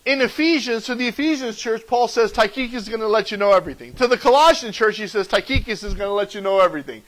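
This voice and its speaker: A man preaching a sermon in a church, animated and joking as he teaches from scripture. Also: sits high, fast talker, poor audio. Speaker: pastor. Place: church sanctuary.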